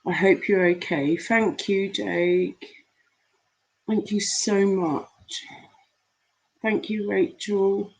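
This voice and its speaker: A grieving, tearful woman chatting with viewers on a live stream from home, halting with many pauses and fillers, on a laptop mic. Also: mid-range voice, steady tone, poor audio.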